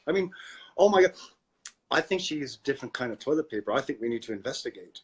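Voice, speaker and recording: A man's voice: mid-range voice, fast, slightly rough. A man from Canada co-hosting a podcast, ranting about politics in a profane, worked-up way and often repeating words. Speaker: podcast co-host. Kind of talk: casual political chat.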